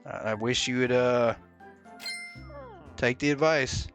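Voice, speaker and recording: A man's voice: medium pitch, steady tone, slow, fairly bright tone, soft background music. Joking man commentating a game. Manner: joking, mock-blunt, with many "uh"s. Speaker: gaming video host. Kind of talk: casual let's-play commentary.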